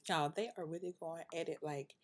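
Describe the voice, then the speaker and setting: A woman's voice: low-pitched, fairly quick. A woman hosting a let's play, rambling chattily and addressing the viewers directly with laughs. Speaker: gaming channel host. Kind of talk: casual let's play commentary.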